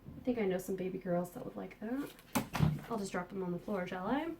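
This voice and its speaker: A woman's voice: mid-range voice, fairly quick, vocal fry. Chatty woman gushing over yarn. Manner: enthusiastic and gushing, with soft muttered asides. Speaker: podcast host and yarn dyer. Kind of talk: casual chatty podcast, showing yarn. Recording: distant mic with faint background noise.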